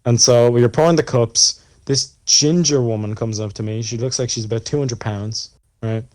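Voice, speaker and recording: A man's voice: mid-range voice, moderate pace, a little mellow, dry recording. A young Irish man co-hosting a podcast, telling a long story in a rambling, profane way with plenty of fillers. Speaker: podcast co-host. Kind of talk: casual chat.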